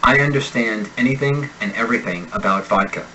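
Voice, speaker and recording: A man with a General American accent, an accent instructor reading example sentences and single words slowly and deliberately in a pronunciation lesson. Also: medium pitch, pushed and bright, a little hiss or hum, low-quality recording. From United States. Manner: slow, deliberate enunciation of sample words.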